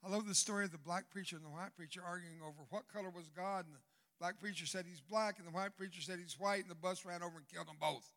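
An older man with a Southern American accent preaching a storytelling sermon as a guest speaker, swinging from hushed, quiet passages to loud bursts and joking asides. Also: sits high, fairly even intonation, fast. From Southern United States.

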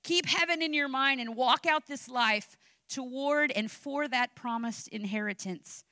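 Middle-aged woman preacher, high bright voice, animated and personal, podcast sermon. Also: measured pace, no echo. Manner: animated preaching with personal anecdotes, rising to impassioned exhortation.

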